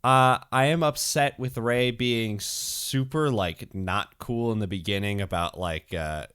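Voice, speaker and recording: Man, young adult, low voice, rambling podcast co-host, lots of ums. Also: measured pace, a bit bright, clear, resonant tone. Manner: rambling, hesitant, many fillers. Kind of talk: casual podcast discussion.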